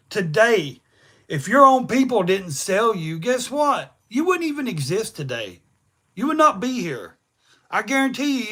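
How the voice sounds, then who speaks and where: A livestream host from East Tennessee, USA, delivers an unscripted, blunt, profane rant. His voice sits high with a fairly bright tone.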